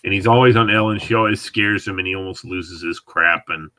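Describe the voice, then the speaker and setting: A man's voice: low voice, a little fast, sharp tone, dry recording. A man hosting a casual chat, rambling and chatty, often trailing off mid-thought.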